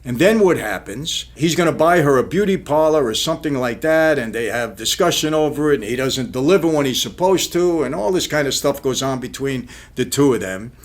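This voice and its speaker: A man's voice: medium pitch, expressive, a little fast, hardly any pauses. A man giving an indignant, casual commentary on a film, firing off rhetorical questions. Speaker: film reviewer, former mob figure.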